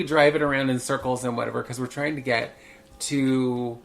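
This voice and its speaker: A man hosting a podcast, telling a story in casual chat with a campy, animated manner. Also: medium pitch, normal speed, vocal fry, faint music behind. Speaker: podcast host.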